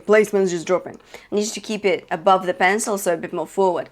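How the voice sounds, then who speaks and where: A woman's voice: medium pitch, steady tone, fast. A woman vocal coach teaching a singing lesson, encouraging and breaking in with short sung demonstrations. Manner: encouraging, demonstrates sung phrases between explanations.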